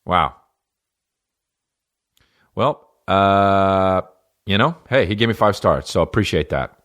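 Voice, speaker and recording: Low-voiced, profane male comedy podcaster. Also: expressive, slow, fairly bright tone. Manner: profane, sarcastic, jumps into mocking voices. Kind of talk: solo comedy podcast monologue.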